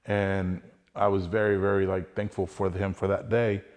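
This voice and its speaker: Gravelly low-voiced man telling a story. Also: level tone, moderate pace, a little mellow, big-room sound. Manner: earnest, conversational, drops into quoted dialogue. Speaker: hunting storyteller. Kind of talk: casual personal storytelling.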